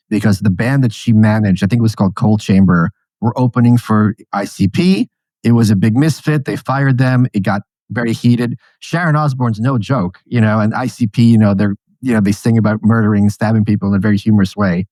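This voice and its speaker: Animated male storyteller, dry close mic. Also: mid-range voice, no echo. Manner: animated storyteller, laughing at his own anecdotes. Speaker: podcast guest. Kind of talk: casual interview conversation.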